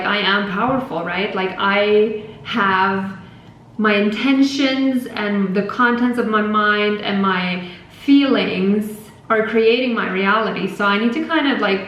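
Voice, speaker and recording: A woman hosting a podcast, talking in a casual, rambling and animated spiritual monologue with lots of fillers. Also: mid-range voice, a little hiss or hum. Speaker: podcast host. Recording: very echoey room.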